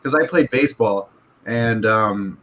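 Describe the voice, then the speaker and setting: A man's voice: lowish voice, a little slow, fairly bright tone. A young man chatting casually as a guest on a live stream, laid-back and laughing, with lots of "dude" and "like". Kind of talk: casual chat.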